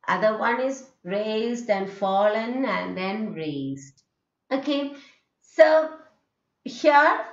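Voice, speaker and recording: A woman with an Indian English accent gives a recorded distance-learning lecture on phonetics, frequently checking in with "okay" and "isn't it" and demonstrating rising and falling tones. Her voice is medium-pitched and a bit bright, and the classroom recording sounds dull and roomy.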